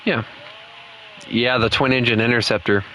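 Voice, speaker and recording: A man's voice: mid-range voice, fairly even intonation, normal speed, sharp tone, slight background noise. A young man with a Southern US accent giving casual, jokey commentary while playing a game, saying "bro" a lot. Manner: laid-back, jokey, says bro a lot. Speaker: gaming streamer.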